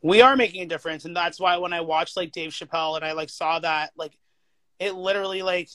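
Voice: mid-range voice, fast talker, bright, forceful tone, dry recording. A teacher as a guest in a casual chat, talking candidly with frequent swearing and filler words. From United States.

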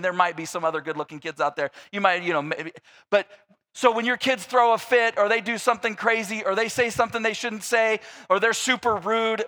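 A man preaching a sermon, retelling scripture and acting out its characters with playful, joking asides. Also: high-pitched. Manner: animated, acts out scripture characters in a mocking voice. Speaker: pastor.

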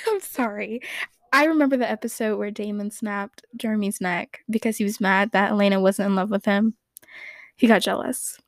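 A woman's voice: medium pitch, steady tone, moderate pace, dry recording. A woman hosting a podcast in casual fan recap chat, rambling, giggly and playfully opinionated. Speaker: podcast host.

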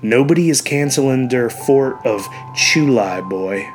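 Male narrator doing a blunt old grandpa, heavy Slavic accent, low and quiet. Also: lively intonation, measured pace, faint music behind, natural voice. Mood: gruff.

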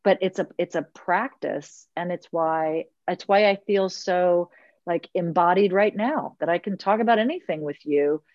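A woman's voice: lowish voice, normal speed, dry recording, dull audio. A woman who leads women's circles, speaking earnestly and unhurriedly in a reflective podcast conversation, drawing out her key words.

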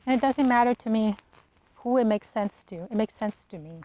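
A woman's voice: fairly high pitch, moderate pace, dark tone, highs cut off. Blunt, profane woman ranting solo. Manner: blunt, profane, rhetorical questions. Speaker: podcast host. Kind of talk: solo monologue rant.

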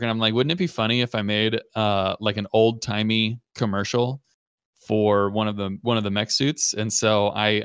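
A young man co-hosting a casual podcast, chatting and reading news articles aloud in a relaxed way. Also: on the low side, smooth, no room sound, clean studio sound. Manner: relaxed, laid-back, reads articles aloud. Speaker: podcast co-host.

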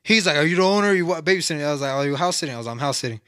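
A young man rattles through a rowdy story at high speed, his voice bright and a little high. He rambles and swears as he goes, in a dry, close sound with no room around it. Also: expressive, rapid-fire, dry recording. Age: young adult. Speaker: podcast guest storyteller. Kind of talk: casual storytelling chat.

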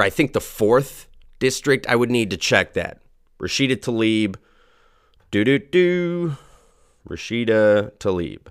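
A man's voice: mid-range voice, a bit bright. A comedian hosting his podcast from a home basement, ranting crudely and angrily. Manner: angry, crude, exasperated ranting. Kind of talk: profane ranting monologue.

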